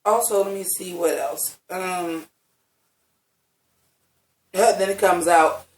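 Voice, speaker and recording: A man giving a casual, animated and profane review of a TV episode, talking with the ease of a chatty vlogger. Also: high voice, slow. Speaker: TV recap vlogger. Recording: roomy sound from a distant mic.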